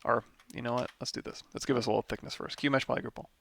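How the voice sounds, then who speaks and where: A tired man with a lot of vocal fry, teaching a live software tutorial and thinking aloud as he works through menus. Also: medium pitch, fairly even intonation, rapid-fire. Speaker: 3D modeling instructor.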